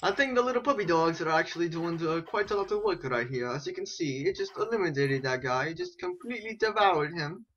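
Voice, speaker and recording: A man hosting a casual gameplay chat, teasing and excitable, talking into a headset mic. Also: on the high side, a little fast, few pauses, highs cut off, a little hiss or hum. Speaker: gaming channel host.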